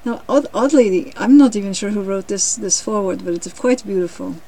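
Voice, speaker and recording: A woman's voice: mid-range voice, a little fast, warm tone, poor audio. A woman in a casual vlog reading from a family book, chatting in rambling asides and laughing often. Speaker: reader sharing her grandmother's books.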